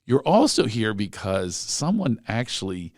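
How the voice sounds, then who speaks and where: Animated man host, dry close sound. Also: on the low side, measured pace, dry recording. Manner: playful, teasing, animated. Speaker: podcast host. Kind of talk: casual podcast chat.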